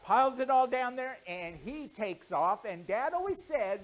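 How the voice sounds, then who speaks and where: Male pastor, animated children's storyteller, lively swings in pitch. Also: unhurried, low-quality recording. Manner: animated storyteller, then earnest preaching.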